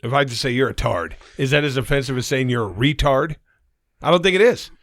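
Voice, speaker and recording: A man's voice: medium pitch, animated, a little fast, a bit bright, dry recording, clean studio sound. A man with a Cincinnati accent co-hosting a podcast in casual chat, blunt and provocative. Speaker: podcast co-host.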